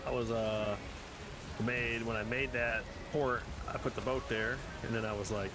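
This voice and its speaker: A man in his forties, a streamer telling animated, exasperated stories in casual chat while gaming, with some swearing. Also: medium pitch, normal speed, background noise.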